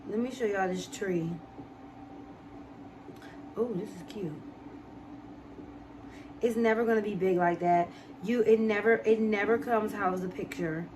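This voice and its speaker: A woman's voice: medium pitch, unhurried, long pauses, noisy background. A young American woman with a DMV accent chatting casually on a live stream, reading and answering viewers' comments as she talks. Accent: DMV (Washington, D.C. area) American. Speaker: livestreamer.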